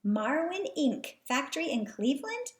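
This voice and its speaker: A woman's voice: high voice, very animated, measured pace, roomy sound, pitched above the performer's own voice. A woman voicing a puzzled grown-up uncle doll in a storybook.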